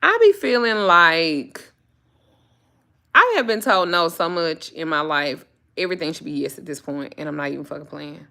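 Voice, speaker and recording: A deep, creaky voice with lively intonation and a sharp tone, at a normal speed. The woman, a spiritual reader who vlogs, delivers a blunt, swear-filled rant casually to camera and turns to talk to her dogs as well.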